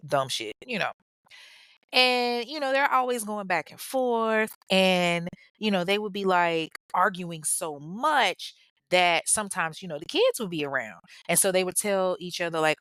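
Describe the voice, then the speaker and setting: A woman's voice: fairly low pitch, animated, normal speed, fairly bright tone, no room sound. A woman podcast host telling a true-crime story in a casual, candid way, with profane, chatty asides to her listeners.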